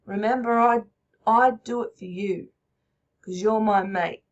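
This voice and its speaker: A woman's voice: mid-range voice, fairly even intonation, unhurried, lo-fi sound, close to an everyday voice. A woman reading the lines of a panicky young man who begs his mate in short, repetitive phrases. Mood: pleading.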